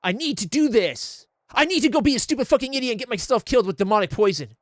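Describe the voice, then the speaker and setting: A man's voice: extremely high pitch, animated, quick pace, dry recording, clean studio sound, pitched above the performer's own voice. A man voicing a reckless, self-sacrificing male warrior companion in a sarcastic, mock-earnest tone.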